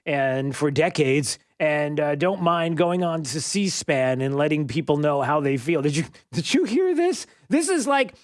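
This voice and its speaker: A male talk radio host runs his monologue, animated and sarcastic, with plenty of fillers. His voice sits a little high for a man, and the sound is dry and close. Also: measured pace, hardly any pauses, no echo.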